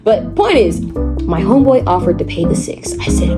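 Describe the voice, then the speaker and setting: A teenage girl telling a story on her vlog, dramatic and animated, repeating words for effect. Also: on the low side, moderate pace. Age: teens. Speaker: vlogger. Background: background music.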